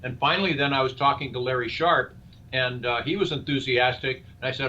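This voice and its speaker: An older man with a mid-range voice speaks earnestly as a guest in a live interview, and he is a presidential candidate. His tone is steady, bright and forceful, his pace fairly quick, and he poses rhetorical questions as if giving a speech. The recording sounds dull and lo-fi, with faint noise.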